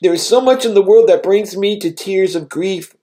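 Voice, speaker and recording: A man's voice: high voice, moderate pace, mellow, pitched above the performer's own voice, lightly acted. A man reading a tender, fatherly God.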